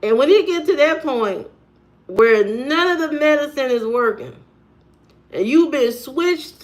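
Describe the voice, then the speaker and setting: Rhetorical questions come thick and fast from a woman vlogger giving a blunt, preachy talk to camera. She speaks at a measured pace in a high-pitched voice with lively intonation.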